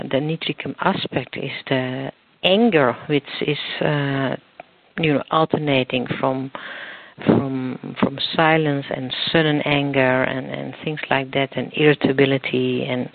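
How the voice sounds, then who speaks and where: A man's voice: medium pitch, creaky, dry recording. A man being interviewed as a guest expert, explaining at length while searching for words and restarting often. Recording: tinny phone line.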